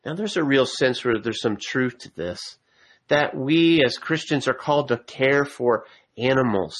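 A man's voice: mid-range voice, measured pace, poor audio. Male preacher, earnest sermon delivery that climbs into emphatic appeals. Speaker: pastor.

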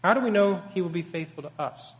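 A pastor preaches a sermon in a high, animated, fast voice, teaching earnestly and emphatically and asking many rhetorical questions. The highs are cut off, and a long hall reverb fills the recording.

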